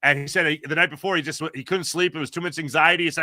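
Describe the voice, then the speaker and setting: A man from talks with a bright, forceful voice that sits a little high. He tells animated stories in casual chat, and the sound is dry and close. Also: fast, hardly any pauses, dry recording. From Philadelphia. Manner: excited storytelling, animated. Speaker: guest.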